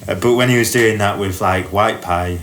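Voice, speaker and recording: A man's voice: lowish voice, normal speed, a bit bright. A man from Doncaster, England, co-hosting a comedy podcast in casual, rambling chat full of "like" and "um". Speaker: podcast co-host.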